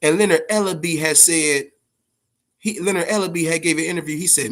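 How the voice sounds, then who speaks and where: A man hosting a boxing podcast, talking casually and profanely, telling stories in an animated way with big swings in pitch. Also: brisk. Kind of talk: casual unscripted commentary.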